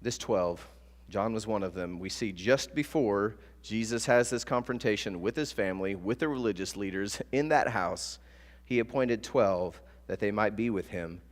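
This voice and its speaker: A man preaching a sermon as pastor, telling stories with lively acted-out quotes. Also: lowish voice, moderate pace. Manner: animated storytelling with acted-out quotes. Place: church sanctuary. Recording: long church reverb with soft guitar.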